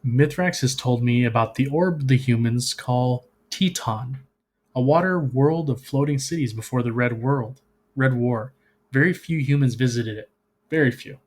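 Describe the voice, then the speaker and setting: A man's voice: mid-range voice, measured pace, close to an everyday voice. A man reading aloud and voicing an eager, obedient male alien servant.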